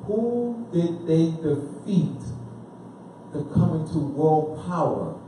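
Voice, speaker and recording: Male lecturer with a dark, mellow voice, informal talk, quizzes the room, heard from a distance in a roomy space. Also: on the high side, sing-song, slow pace, slight background noise. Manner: asks the listener questions and repeats himself for emphasis. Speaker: speaker lecturing on history. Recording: echoey room, speaker far from the mic.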